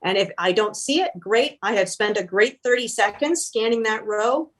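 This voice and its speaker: A woman's voice: medium pitch, normal speed. Canadian woman guest on a business podcast, direct and emphatic, laughs a lot. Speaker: fractional COO, interview guest. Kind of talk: casual interview chat.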